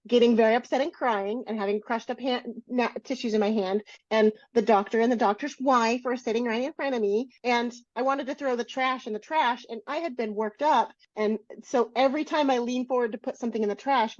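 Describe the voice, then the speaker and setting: Candid high-voiced woman on a podcast. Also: fairly quick, hardly any pauses, darkish tone, no room sound, highs cut off. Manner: candid storytelling, self-deprecating. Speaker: podcast co-host. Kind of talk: casual chat.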